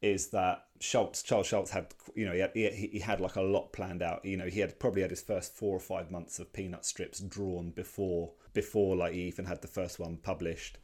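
His voice is deep and a little mellow, with little pitch movement, a moderate pace and few pauses. The forty-something podcast co-host talks casually about comic strips, meandering through his thoughts and often restarting amid fillers.

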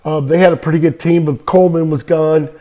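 Animated older man telling baseball stories. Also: fairly high pitch, a little fast. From California. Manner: animated anecdote telling with frequent laughs and fillers. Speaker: podcast guest, former baseball player. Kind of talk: casual storytelling interview.

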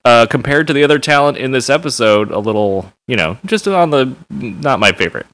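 Bright-voiced man in casual chat. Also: medium pitch, animated, a little fast. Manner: laughs often, jokey, hesitant with many uhs. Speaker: podcast co-host.

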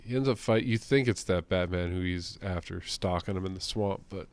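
A young man with a low, gravelly voice, chatting casually about comics. He swears freely, laughs a lot and slips into acted-out quotes. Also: moderate pace, no room sound. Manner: profane, laughing, acts out quotes. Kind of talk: casual chat.

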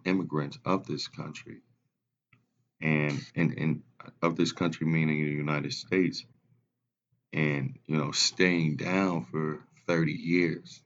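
Slow, deep-voiced young man. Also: dull audio. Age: 20s. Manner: animated storyteller, laughs often. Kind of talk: casual podcast chat.

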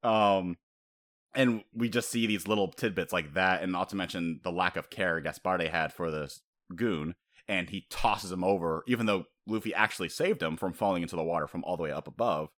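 A man co-hosting a casual chat, talking in an animated way, laughing often and acting out quotes. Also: sits low, moderate pace.

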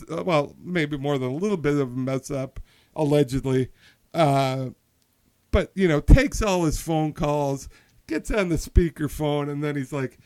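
A man's voice: a little high, clean tone. A man hosting a casual political comedy podcast, telling a rambling story that keeps interrupting itself. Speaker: podcast host.

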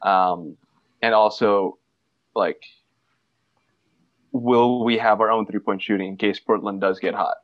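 A man's voice: fairly low pitch, fairly even intonation, unhurried, pauses often, no echo, dull audio. A man co-hosting a casual sports podcast, rambling and joking with lots of fillers. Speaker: podcast co-host.

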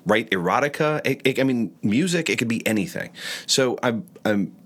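A man's voice: mid-range voice, expressive, normal speed, fairly bright tone. A man co-hosting a podcast in casual chat, talking in a thoughtful way with searching restarts. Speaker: podcast co-host.

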